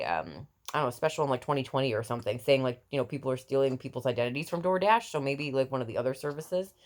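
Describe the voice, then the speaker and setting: Low-voiced chatty woman. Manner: chatty and rambling, many fillers, laughs often. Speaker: mother giving healthy-eating tips. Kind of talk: casual vlog chat.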